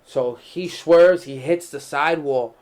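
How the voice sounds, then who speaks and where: A man's voice: a little high, measured pace, darkish tone. A young man hosting a casual podcast, telling loose, profane stories with lots of restarts. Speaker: podcast host. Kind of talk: casual chat.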